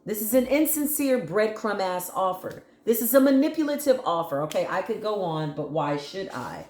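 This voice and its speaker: A woman's voice: mid-range voice, sing-song, moderate pace, darkish tone, slight background noise. A woman giving an intense tarot reading, fiery, scolding and preachy. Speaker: spiritual tarot reader. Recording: roomy echo.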